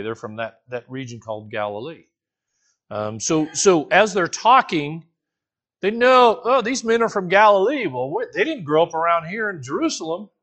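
A pastor with a medium-pitched voice teaches a Bible study in a casual, animated, conversational sermon. He asks his listeners questions, cracks jokes, and often restarts his sentences.

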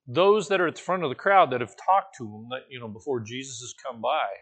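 A man's voice: mid-range voice, a little fast, a bit bright. A man preaching a conversational sermon, correcting himself as he goes and rising now and then to emphatic, raised passages. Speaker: pastor.

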